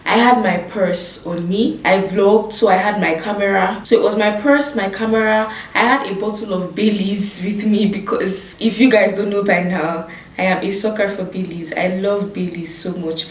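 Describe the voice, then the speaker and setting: Woman telling a storytime, lively, acting out the voices, roomy echo. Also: mid-range voice, normal speed, distant mic. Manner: animated storytelling, acts out quoted voices. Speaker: vlogger. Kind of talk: storytime vlog.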